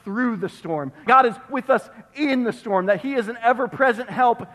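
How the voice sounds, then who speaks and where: A male pastor delivering an emphatic sermon, repeating phrases and dropping to a hush on key words, recorded in a church sanctuary. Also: very high voice, moderate pace. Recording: long reverb of a church hall.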